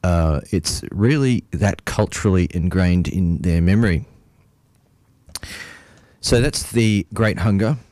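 A man's voice: low voice, takes it slowly, pauses often, darkish tone, no echo. A man hosting a community radio music show, chatting casually with many fillers and restarts. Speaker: radio host. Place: radio studio. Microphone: studio mic.

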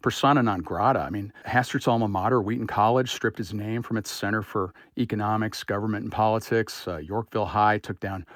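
A man's voice: on the low side, steady tone, brisk, few pauses, dry recording. A man talking in a radio news interview as a politics editor, conversational and analytical in tone. The studio sound is very dry and close.

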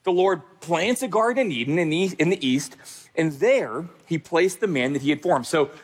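A man's voice: a little high, animated, moderate pace, slightly rough. A male pastor preaching a sermon, speaking emphatically and repeating phrases for stress.

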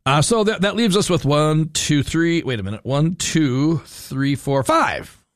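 A man's voice: on the high side, animated, unhurried, no room sound. A man hosting a talk radio show in a studio, joking and rambling with loose restarts. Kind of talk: casual talk radio banter. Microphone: studio microphone.

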